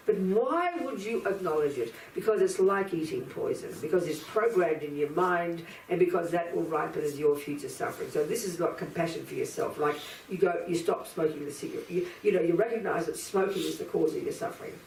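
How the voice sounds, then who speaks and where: A woman giving a Buddhist dharma teaching in an emphatic, animated way, acting out inner voices as she explains. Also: on the low side, brisk, creaky, few pauses, a little hiss or hum. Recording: echoey room, speaker far from mic, faint ambience.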